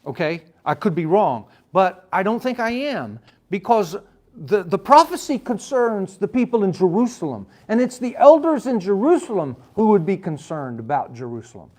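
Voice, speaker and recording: A man teaching a Bible study, talking with his listeners, asking them questions and calling on them by name, his voice swinging between loud and soft. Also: high-pitched, very animated, moderate pace. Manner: conversational, addresses listeners by name, asks questions.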